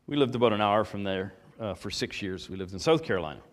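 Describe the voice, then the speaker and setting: A man preaching a sermon, telling stories with emphatic swings between loud and soft. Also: fairly low pitch, animated, quick pace, in a large hall. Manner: storytelling, emphatic, rises and drops in volume.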